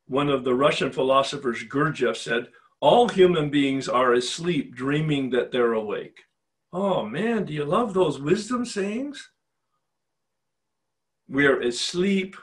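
An older man speaks at a spiritual recovery retreat, his pitch sitting in an ordinary middle range. He tells his own story in a frank, confessional way. He presses his listeners with emphatic rhetorical questions. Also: a bit bright. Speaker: retreat facilitator.

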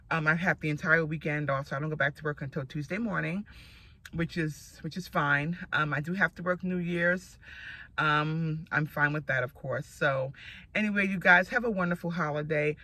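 A woman's voice: fairly low pitch, bright, forceful tone, low-quality recording. A woman in her forties vlogging in a casual, rambling way and laughing often. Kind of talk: casual chat.

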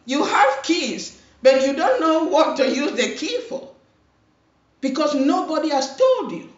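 A woman pastor delivers her sermon at a slow, deliberate pace, repeating her key phrases and calling out for amen. She sounds distant, with a roomy echo and a dull, lo-fi tone. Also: high voice, very animated. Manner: emphatic preaching with repeated phrases and calls for amen.

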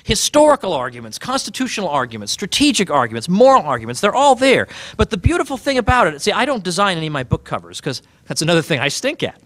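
A man giving a public talk about his book, animated and sardonic, pressing his points with emphasis. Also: sits high, quick pace, few pauses, no echo. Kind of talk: public speech.

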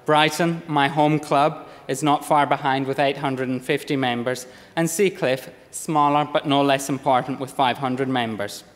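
A man in his thirties with a lowland Scottish accent softened by years in Australia, delivering a measured, formal speech in parliament. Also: fairly even intonation. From Scotland. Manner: measured, read-out oratory with occasional slips. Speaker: member of parliament. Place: parliament chamber. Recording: long reverb of a large chamber.

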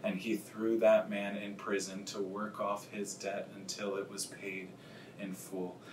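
A man, a pastor, preaching a sermon in an earnest, confessional way and slowing down to stress key words. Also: completely flat delivery. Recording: echoey room, distant mic, faint rumble.

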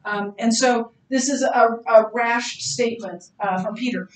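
A woman leads a church Bible class in an earnest, conversational manner, reading scripture aloud and thinking aloud with restarts. Her voice sits a little high. The room sounds roomy, and she stands some way off the mic. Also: unhurried, distant mic.

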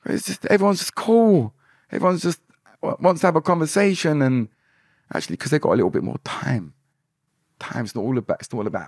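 A man, a musician guest on a podcast, talking in a relaxed, rambling way and often repeating words. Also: fairly low pitch, normal speed, no echo, studio quality. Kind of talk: casual podcast interview.

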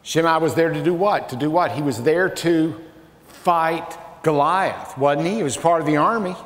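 A man preaching a sermon as pastor, swinging from loud outbursts to hushed, low phrases. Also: moderate pace. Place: large church sanctuary. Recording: echoey church hall with long reverb.

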